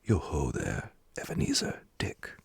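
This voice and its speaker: A hearty, jovial old merchant calls to his apprentices in a whispered role-play, voiced by a man. The whisper is deep and gravelly. It is breathy and dry, with no room sound. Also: huge pitch swings, a little slow, no room sound, heavily acted. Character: jolly, excited older male merchant.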